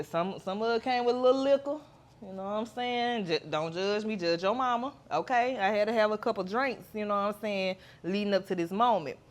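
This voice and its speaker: A woman, hosting a podcast in a candid, chatty monologue with playful asides. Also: mid-range voice. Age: 30s. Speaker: podcast host.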